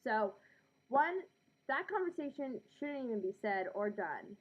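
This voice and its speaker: A woman's voice: fairly high pitch, a little slow, lo-fi sound. Latina woman who enunciates every word. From United States. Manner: lively and emphatic, with many fillers. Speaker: vlogger. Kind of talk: casual talk to camera.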